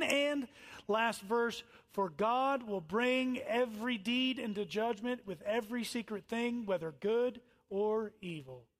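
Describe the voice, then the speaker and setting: A middle-aged man preaching a sermon as pastor, moving between loud emphatic lines and soft, almost whispered ones. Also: high voice.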